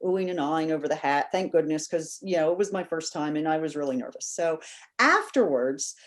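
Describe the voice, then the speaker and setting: On a podcast, a deep-voiced woman speaks a little fast while sharing a lively, relaxed story. She mimics the voices of those she's quoting.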